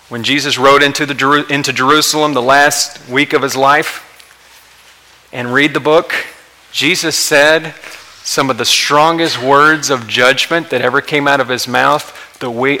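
Brief: male preacher, sermon delivery, emphatic swells and hushed drops, forceful bright tone. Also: medium pitch, fairly even intonation, normal speed, rough recording. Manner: impassioned, rising to emphatic peaks then dropping quiet. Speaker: pastor.

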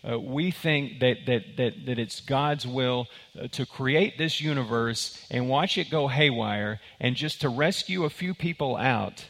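A man's voice: mid-range voice, vocal fry, a bit bright. A man preaching to a congregation, pressing his points with emphasis. He restarts and repeats words as he goes, his voice sitting in a middle register. A long hall reverb trails behind each phrase. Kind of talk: sermon with a told joke.

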